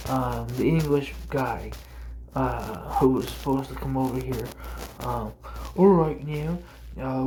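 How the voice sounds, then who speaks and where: Male vlogger with a gravelly voice and a faint hiss behind him, rambling and chatty. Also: medium pitch, a little mellow, echoey room, low-quality recording. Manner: rambling, self-interrupting, drops to a near whisper at times. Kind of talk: casual commentary.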